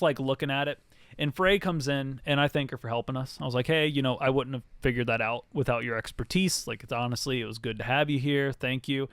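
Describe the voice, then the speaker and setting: A man's voice: mid-range voice, clean tone, no room sound. A man co-hosting a podcast, casually retelling scenes in a rambling way, full of "like" fillers. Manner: rambling storyteller, many "like" fillers. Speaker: podcast co-host. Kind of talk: casual recap chat.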